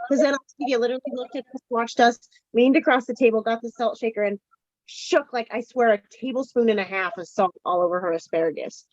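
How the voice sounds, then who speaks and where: A woman's voice: fairly high pitch, a little fast, no echo, highs cut off. Frank, foul-mouthed woman on a video call. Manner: frank, swears freely, acts out quotes. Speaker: client in a coaching session. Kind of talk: candid casual talk.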